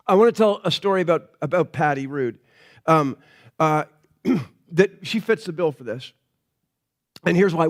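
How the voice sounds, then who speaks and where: A male pastor preaching a sermon in a church. He talks in a conversational, story-telling way and often restarts his sentences. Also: high voice.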